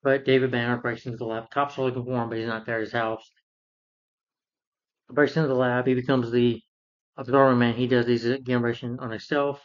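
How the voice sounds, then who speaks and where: A man's voice: medium pitch, level tone, fairly quick. Rambling man recapping a film, lo-fi sound. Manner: rambling, many fillers, sarcastic asides. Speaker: film reviewer. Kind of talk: casual movie recap rant.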